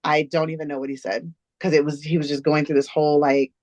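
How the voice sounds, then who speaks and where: A woman's voice: low-pitched, little pitch movement, quick pace, a little mellow, dry recording. A woman, a guest in an interview, earnestly recounting a personal story step by step.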